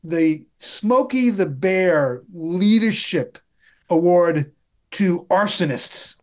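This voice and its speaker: A man talking politics in a relaxed chat, with a voice that sits a little high. He is wry and indignant and often restarts his sentences. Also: very slow. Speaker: political commentator.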